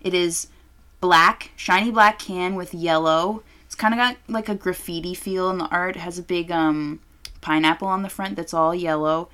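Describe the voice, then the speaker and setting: A woman's voice: on the low side, fairly even intonation, normal speed, sharp tone. A young woman co-hosting a podcast, chatting casually in a brash, joking, profane way. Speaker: podcast co-host. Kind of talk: casual chat.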